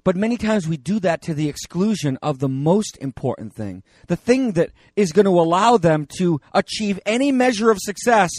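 A man's voice: a little high, a little mellow, dry recording, studio quality. Man preaching a conversational sermon. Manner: conversational preaching with fillers and restarts. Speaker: pastor.

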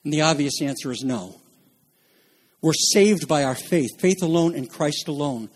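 A man preaching an expository sermon as pastor, stammering and restarting at times and climbing to emphatic shouts. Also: on the high side, expressive, moderate pace. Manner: rises to emphatic shouting, then drops back to teaching; frequent restarts and filler stammers.

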